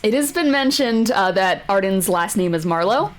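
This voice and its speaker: A woman narrating as the game master of a tabletop game, relaxed and easygoing with her players. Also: medium pitch, moderate pace, soft background music. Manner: easygoing, laughs along with players.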